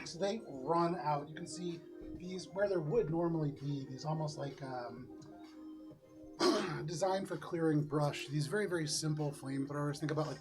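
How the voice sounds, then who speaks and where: Throat-clearing game master narrating combat. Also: male voice, a little high, a little mellow. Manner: casual, frequent throat-clearing and filler sounds.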